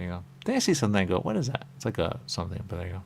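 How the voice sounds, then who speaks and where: A man's voice: deep voice, wildly swooping pitch, racing, creaky. A man hosting a radio show, talking in a rambling, repetitive monologue that keeps circling back with small chuckles.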